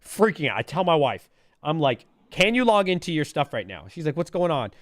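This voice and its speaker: A man's voice: on the high side, very animated, fairly quick. A man in his thirties calling in, telling a story in casual chat, full of "bro" and "dude" and imitating alert sounds. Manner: says "bro" and "dude" a lot. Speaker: caller.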